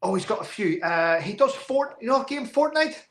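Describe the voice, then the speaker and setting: A woman talking casually as a guest, often pausing and restarting her sentences. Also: roomy sound, a little hiss or hum. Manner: hesitant, restarts sentences, animated pitch. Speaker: podcast guest. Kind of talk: casual chat.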